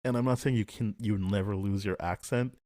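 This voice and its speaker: A man co-hosting a film podcast in casual chat, animated and acting out quoted lines. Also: on the low side, a little fast, dry recording, studio quality. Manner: animated, acts out quoted lines, chuckles often. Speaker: podcast co-host.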